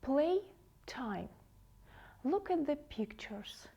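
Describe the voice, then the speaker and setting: A woman English teacher giving a TV lesson to children, saying each word slowly and carefully and repeating it twice. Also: sits high, big pitch swings, highs cut off, over music.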